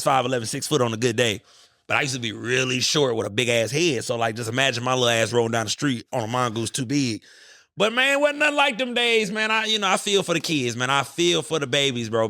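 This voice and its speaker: A man in his thirties hosting a podcast, telling stories in an animated, profane, bantering way. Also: medium pitch, no echo, studio quality. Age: 30s. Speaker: podcast host. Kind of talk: casual podcast chat.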